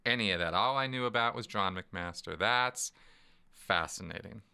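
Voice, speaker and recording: A man's voice: fairly low pitch, moderate pace, gravelly, sharp tone, clean tone. A man hosting a podcast interview, prompting his guest and affirming what he says. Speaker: podcast host. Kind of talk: conversational interview.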